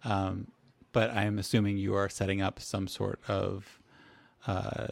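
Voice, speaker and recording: Male game master, gravelly and lowish, narrating with lots of ums and restarts. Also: monotone, a little slow, dry recording. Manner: hesitant, with many fillers and restarts.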